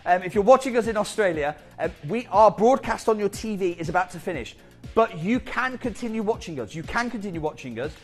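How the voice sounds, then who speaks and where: A man hosts a live shopping broadcast, urging viewers to buy in a quick, chatty patter. His voice sits fairly high for a man. Soft studio music plays faintly underneath. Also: lively intonation. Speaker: shopping channel presenter. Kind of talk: live TV sales pitch.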